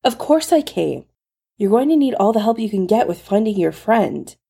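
Tony is a steady, caring man who reassures in a low, soothing voice and turns brisk and practical when he plans, read by a woman. His tone stays dark and mellow, with a gravelly edge. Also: full character voice. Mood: brisk, reassuring.

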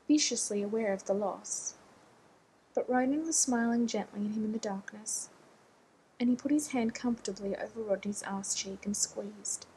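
A woman narrates a story at a steady, measured pace. Her voice sits a little high, with faint hiss in the background. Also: rough recording. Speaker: audiobook reader.

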